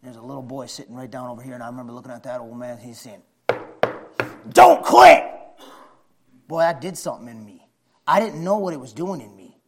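A man's voice: quick pace, very noisy. A man preaching a sermon, folksy, repeating phrases for emphasis. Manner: builds from low conversational to shouting fervor.

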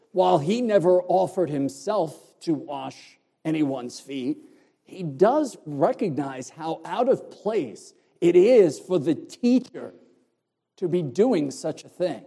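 A man preaches verse by verse, stressing each word with deliberate emphasis. His voice is dark and mellow, though pitched a touch high. The sound carries a long reverb, as in a church hall. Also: lively intonation, breathy edge. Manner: explains Greek words, emphatic and deliberate. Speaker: pastor. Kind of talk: expository sermon.

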